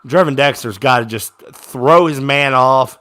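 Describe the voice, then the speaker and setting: This young man talks a little slowly as he reacts live to a game as a fan. His casual commentary shifts from low grumbling to excited yells on big plays.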